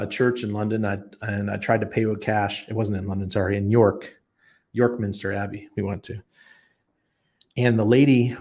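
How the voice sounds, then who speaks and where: A middle-aged man hosting a livestream, answering viewers with blunt, emphatic opinions. His voice is low and gravelly, with plenty of fry at the ends of phrases. He tells stories animatedly and pushes his points hard. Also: darkish tone. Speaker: crypto channel host.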